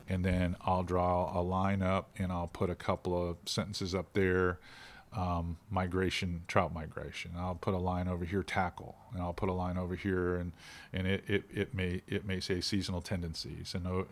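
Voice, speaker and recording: A middle-aged man, a fishing instructor talking in a casual interview with animated, shifting inflection. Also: low-pitched.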